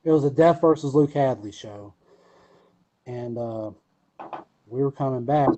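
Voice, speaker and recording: A man's voice: medium pitch, measured pace, dark tone, dull audio, slight background noise. A man being interviewed, telling a long story casually with many fillers and restarts. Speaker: wrestler guest.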